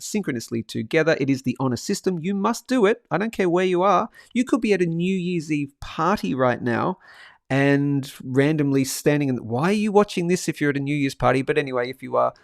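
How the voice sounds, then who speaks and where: An upbeat man chats casually on a live stream, reading out viewer messages with quick asides. His voice sits a little high and has a gravelly edge. The sound is close and dry, with no room around it. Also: no echo. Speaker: host of a live market stream.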